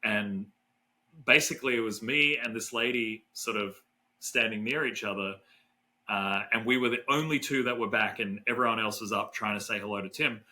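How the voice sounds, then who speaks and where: A middle-aged Australian man rambles through a story as an interview guest. His voice sits a bit low but has a strong, bright, pushing tone. He stumbles over restarts and fills pauses with ums and uhs. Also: poor audio. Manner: rambling, many fillers and restarts. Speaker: guest neuroscientist.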